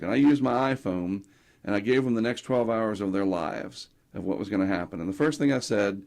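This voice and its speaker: A middle-aged man from North Carolina with a fairly low voice, spinning casual anecdotes as an interview guest. He slips into the voices of the people in his stories as he tells them. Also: a little fast, creaky. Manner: animated anecdotes, acting out quotes. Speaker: guest, hurricane tracker.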